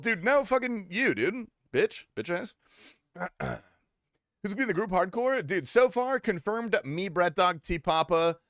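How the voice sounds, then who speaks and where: A young man on a gaming livestream, joking with chat in a loose, swear-laced way. His pitch jumps around expressively. The sound is dry and close to the mic. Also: fairly bright tone, dry recording. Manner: loose, profane, teasing banter with chat. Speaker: streamer. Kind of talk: casual gaming livestream commentary.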